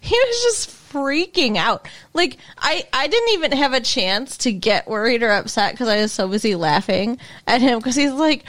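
A woman's voice: on the high side, sing-song, moderate pace, hardly any pauses, fairly bright tone. A woman co-hosting a podcast in casual chat, teasing and scolding her partner and laughing a lot. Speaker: podcast co-host.

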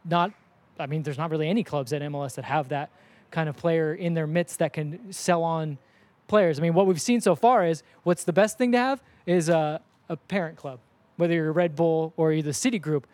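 Man, high voice, dry sound, animated, sports podcast co-host. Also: normal speed, no echo. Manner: animated, acts out quoted voices. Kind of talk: casual sports chat.

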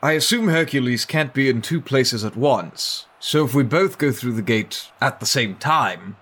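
A man's voice: mid-range voice, lively intonation, moderate pace, fairly bright tone, husky. A man playing his character in a tabletop game, asking questions and planning in character, with a slight accent. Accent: non-native English speaker. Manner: inquisitive, speaks in character. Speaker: player. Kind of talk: in-character roleplay chat.

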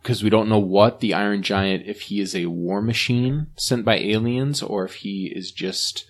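A man with a deep, low voice co-hosts a podcast in casual conversation. He retells favorite movie scenes with eager, heartfelt feeling. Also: normal speed. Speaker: podcast co-host. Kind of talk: casual chat.

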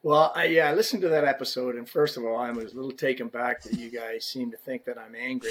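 A man guesting on a podcast tells a story with lively energy, acting out what people said. His voice sits at an ordinary middle pitch, loose and conversational. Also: fast, few pauses, crowd noise, poor audio. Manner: animated storyteller, acts out quoted dialogue. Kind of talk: casual storytelling chat.

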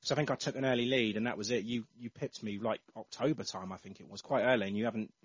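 Lowish, steady in tone and quick, with a breathy edge, the host of a casual football podcast reads out listener entries, peppering them with ums and uhs. The recording is dry, and the lo-fi audio is slightly dull.

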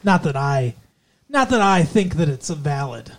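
A man's voice: a little high, very animated, normal speed, slight background noise. A man co-hosting a podcast, chatting casually and rambling about a TV episode, with frequent swearing and playful asides. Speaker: podcast co-host. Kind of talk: casual TV recap chat.

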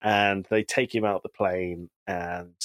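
A man's voice: low voice, flat delivery, slow, a bit bright, dry recording. A man co-hosting a podcast in casual chat, animatedly retelling TV scenes and quoting characters. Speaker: podcast co-host.

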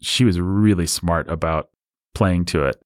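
Talkative man, low voice, dry sound. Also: a little slow, no echo. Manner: talkative, explanatory, many restarts. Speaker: podcast host. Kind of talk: casual film discussion.

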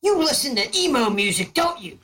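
A brash halfling musician , played by a man, boasts and curses at everyone around him. His talk is loud, blustering, and crude. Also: extremely high pitch, sing-song, fairly quick, voice pushed up, full character voice.

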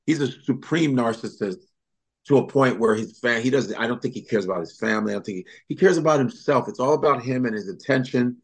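A comedian guest from the Chicago comedy scene chats casually in an interview, an animated storyteller who slips into impressions and laughs often. His mid-range voice moves at a quick pace with a breathy edge.

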